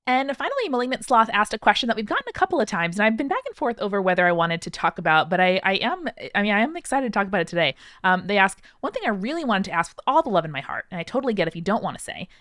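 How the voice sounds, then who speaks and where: A woman's voice: medium pitch, very animated, very fast, few pauses, a bit bright, no room sound, studio quality. A woman hosting a podcast, reading listener questions out and answering earnestly. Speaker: podcast host.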